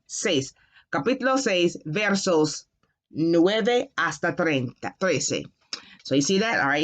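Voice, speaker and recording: A woman teaching a Spanish class, patiently drilling phrases and repeating them slowly for her students. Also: deep voice. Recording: dull lo-fi sound.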